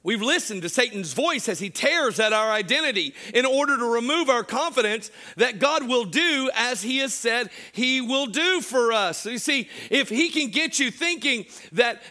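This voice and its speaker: A male pastor with a Southern US accent preaching a sermon, swinging from hushed asides to shouted declarations. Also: extremely high pitch. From Southern United States. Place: church.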